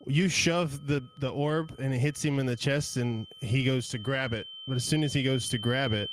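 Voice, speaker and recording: A man's voice: on the low side, a little hiss or hum. A man narrating as game master in a casual, descriptive way.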